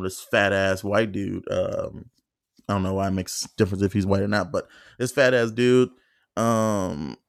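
Gravelly low-voiced man rambling casually. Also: no room sound, studio quality. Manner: profane, rambling, many fillers, acts out quoted lines. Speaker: podcast host. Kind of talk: casual solo storytelling.

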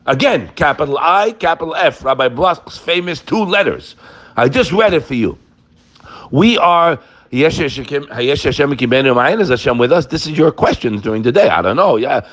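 A man delivers a daily Torah lesson in an emphatic, animated way. His pitch sits a little high and swings widely as he drives his points home. He mixes Hebrew verses into plain English speech. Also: moderate pace. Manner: animated, emphatic, addresses listeners as "guys". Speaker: Torah teacher. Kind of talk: daily Torah talk to a group.

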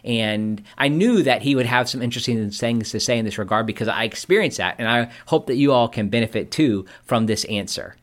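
A man with an everyday mid-range voice, hosting in a relaxed, reflective way. He talks through his introduction conversationally. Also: mid-range voice, fairly quick, hardly any pauses. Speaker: host. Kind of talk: casual introduction.

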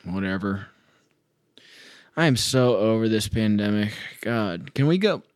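A man's voice: fairly low pitch, expressive, unhurried, clear, resonant tone, no room sound, studio quality. A young man hosting a solo sports podcast, ranting with sarcasm, swearing and exasperation while he watches a game at home. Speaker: podcast host. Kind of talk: solo sports reaction rant.

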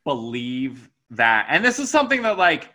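A man hosting a podcast, talking casually in an animated, swearing, emphatic way. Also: mid-range voice, normal speed. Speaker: podcast host. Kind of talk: casual chat.

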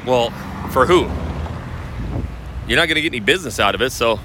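A man's voice: medium pitch, animated, brisk, long pauses, background noise. A man coaching real estate agents on video marketing, talking casually to camera in a blunt, profane, ranting manner.

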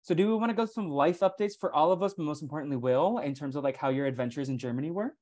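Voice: medium pitch, animated, fast, a little mellow. A podcast host leading casual chat, teasing the co-hosts and using playful slang.

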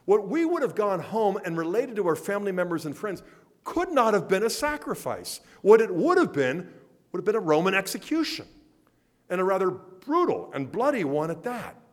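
An animated man telling a story in a lecture, slipping into both voices of a conversation. His voice sits a little high and swings widely in pitch. The sound rings with a long reverb in a large hall. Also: normal speed.

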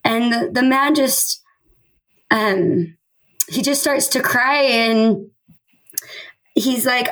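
A woman in her thirties sharing a personal faith testimony on a podcast, earnest and emotional, with halting restarts. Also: on the high side, fairly bright tone, poor audio. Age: 30s. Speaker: podcast guest.

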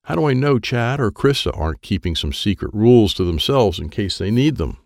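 A man voicing Alan, a loud, distrustful boy who accuses his friends. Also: deep voice, normal speed, gravelly, no echo, studio quality. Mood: angry.

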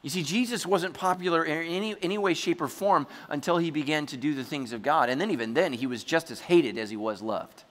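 A man preaching a sermon to his congregation, chatty and joking, acting out quick asides as he goes. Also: a little high. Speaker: pastor. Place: church hall before a congregation. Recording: large hall with long reverb.

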